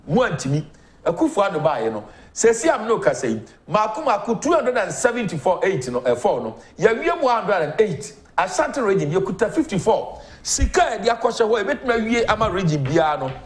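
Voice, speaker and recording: A man's voice: sits high, very animated, fairly quick. A man on a political talk show, rattling off figures and projects. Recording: echoey room.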